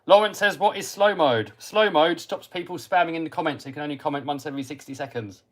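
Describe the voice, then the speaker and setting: A man's voice: fairly high pitch, fast. An English man hosting a casual live stream about radio-control cars, reading out viewer comments and answering them, muttering to himself while he cleans parts. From England. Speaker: RC hobby livestream host. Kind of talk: casual live-stream chat while working on a model car.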